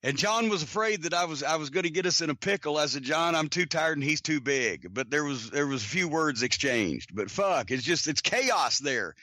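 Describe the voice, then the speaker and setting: A man's voice: a little high, lively intonation, fairly quick, few pauses, pushed and bright, no room sound, clean studio sound. A man hosting a podcast, telling rambling anecdotes in a casual, profane way. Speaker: podcast host. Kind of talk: casual storytelling.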